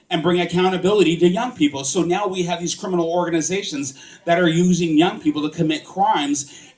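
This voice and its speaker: A man with a somewhat high-pitched voice delivers a campaign speech to a live crowd. He speaks as a political candidate, stirred up and insistent, and keeps pressing his listeners with rhetorical questions. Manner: impassioned, fires rhetorical questions at the audience.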